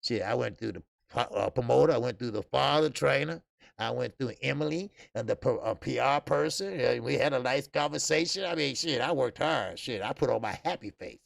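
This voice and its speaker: A man's voice: mid-range voice, expressive, fairly quick, vocal fry, no echo, studio quality. A man hosting a casual boxing talk show, loose and profane, laughing at his own stories. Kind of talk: casual solo boxing commentary.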